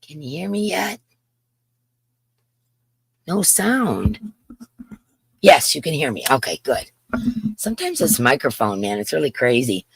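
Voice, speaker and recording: A middle-aged woman chatting on her crochet livestream from a yarn room at home, her voice gravelly and a bit husky. She greets viewers by name in bubbly call-outs, her pitch leaping up and down all over. The sound is close and dry, with no room echo. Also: sing-song, measured pace, long pauses. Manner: bubbly, calls out names with big upward swoops. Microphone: computer's built-in microphone.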